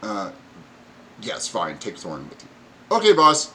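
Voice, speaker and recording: A man voicing an impatient male goblin dock official in a tabletop game, barking orders in a high, loud voice. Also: huge pitch swings, unhurried, full character voice. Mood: bossy.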